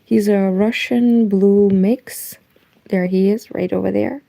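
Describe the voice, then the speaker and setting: A woman from Eastern Europe with a Romanian accent, speaking Romanian natively, chatting softly at home late at night on a knitting livestream, her voice nearly gone. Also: mid-range voice, fairly even intonation, takes it slowly, vocal fry. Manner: soft-spoken, reads chat aloud. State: nearly lost voice.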